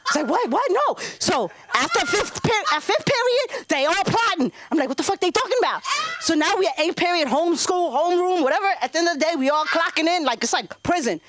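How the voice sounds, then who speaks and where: A woman's voice: very high voice, brisk, hardly any pauses, a little hiss or hum. A woman in her thirties with a New York accent, doing brash, profane stand-up comedy at an open mic. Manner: brash, profane, loud and animated.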